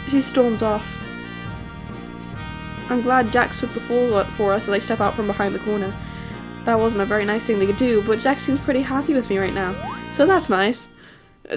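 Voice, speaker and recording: A woman's voice: a little high, a little fast, music in the background. A woman streamer narrating a dating game aloud, with joking, self-mocking asides.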